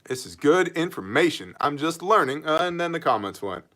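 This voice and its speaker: A man hosts a casual live stream, greeting viewers and joking as he reads out comments. His pitch leaps around in lively swings. His tone is bright and forceful. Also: fairly quick, few pauses. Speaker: livestream host reading viewer comments.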